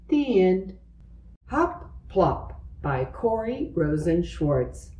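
A woman reading a children's picture book aloud slowly and expressively, acting out its sound effects. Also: fairly low pitch, big pitch swings, mellow, recorded from a distance. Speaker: storyteller. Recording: roomy, away from the mic.

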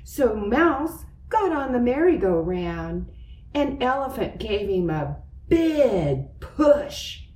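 A woman reading a children's picture book aloud slowly and expressively, acting out its sound effects. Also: on the high side, very animated, a little mellow, far from the mic. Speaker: storyteller. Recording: roomy, away from the mic.

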